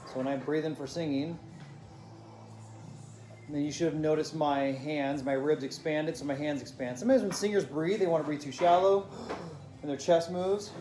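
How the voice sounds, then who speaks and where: A man teaching a vocal warm-up lesson, explaining breathing and demonstrating humming exercises with a piano. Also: a little high, a little hiss or hum. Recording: echoey room with piano.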